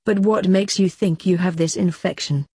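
A woman's voice: fairly low pitch, moderate pace, darkish tone, breathy edge, no room sound. A woman doing a sardonic little piglet. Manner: dry, mocking, matter-of-fact. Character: brisk, sardonic small male piglet.

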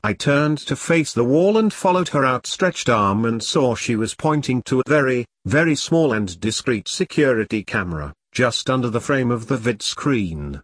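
Wry, husky male narrator. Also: mid-range voice, normal speed, hardly any pauses, dry recording, studio quality. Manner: wry, deadpan, self-mocking. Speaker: audiobook narrator. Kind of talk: first-person detective novel narration.

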